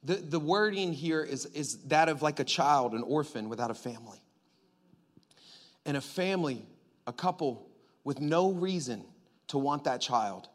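A pastor preaching a sermon, moving between loud emphatic lines and hushed, intimate near-whispers while talking straight to the congregation. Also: male voice, fairly high pitch, animated, moderate pace. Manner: conversational, addresses congregation directly.

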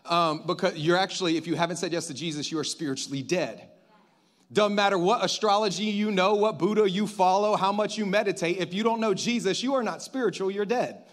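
High-voiced preacher with joking asides. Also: male voice, a little fast. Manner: conversational, with joking asides to the congregation. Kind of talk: sermon.

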